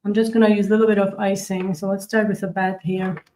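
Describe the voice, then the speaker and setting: A woman's voice: medium pitch, flat delivery, fast talker, darkish tone, a little hiss or hum, rough recording. Chatty woman hosting a live cookie tutorial. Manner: chatty, demonstrates step by step while reading viewer comments. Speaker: cookie decorating livestream host.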